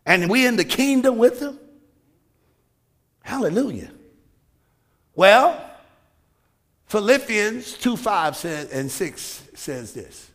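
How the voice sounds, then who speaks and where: A pastor preaching a sermon with emphatic rhetorical questions. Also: male voice, high-pitched, sing-song, slow pace, long pauses, a bit bright. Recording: reverberant hall.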